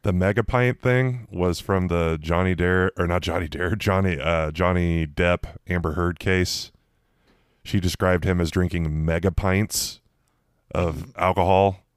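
A man in casual podcast chat, calmly explaining with a laid-back manner. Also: low voice, unhurried, smooth, dry recording, studio quality.

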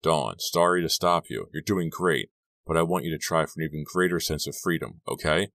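Guy reading a showbiz teen director, pushy and dismissive, deep deep voice. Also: fairly quick, a bit bright, dry recording, studio quality. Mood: bossy. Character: bossy showy male teen stage director.

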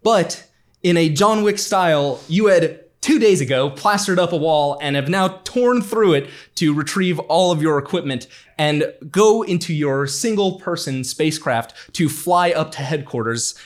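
Man, game master, higher-pitched voice, playful storytelling. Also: animated, measured pace. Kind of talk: narrating a tabletop game.

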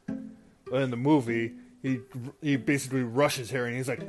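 A man hosting a show retells a movie in a rambling, casual way, full of fillers and restarts, chuckling at his own slip-ups. His mid-range voice holds a steady tone at normal speed, with guitar music in the background.

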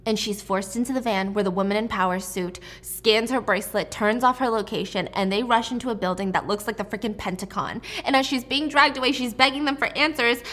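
A woman's voice: a little high, fairly quick, few pauses, a bit bright. A woman casually recapping a film's plot in a chatty, dramatic way, with casual swearing. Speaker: movie recap vlogger.

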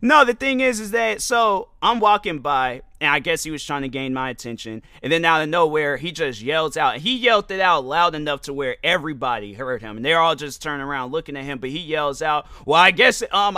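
A man's voice: fairly high pitch, expressive, fairly quick, hardly any pauses, sharp tone, clear, resonant tone, no echo, studio quality. A young man hosting a podcast, telling a loose, rambling story full of fillers and restarts. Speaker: podcast host. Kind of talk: casual storytelling monologue.

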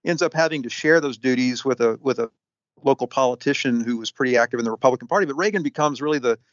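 Halting, filler-heavy man, dull recording. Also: medium pitch, dry recording. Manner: halting, many fillers and restarts. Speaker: historian guest. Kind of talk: interview answer. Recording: dull, lo-fi sound.

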